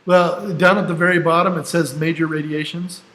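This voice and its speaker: Here a man with a fairly high, bright voice and little pitch variation lectures at a moderate pace. He's a teacher explaining things step by step in a casual, self-deprecating way, checking in with "right?" as he goes, recorded in an echoey room with faint noise behind him.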